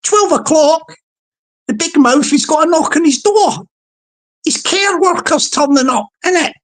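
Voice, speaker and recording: A woman's voice: high-pitched, lively intonation, unhurried. Woman with rambling solo, chatty and mocking, stumbles over repeats. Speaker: channel host. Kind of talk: casual rambling vlog monologue.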